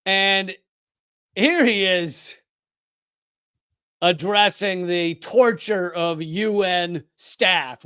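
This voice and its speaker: A man hosting a live political commentary show, talking in a sarcastic, rapid-fire way with frequent restarts. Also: high voice, bright, forceful tone, clean tone, no room sound. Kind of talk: live news commentary monologue.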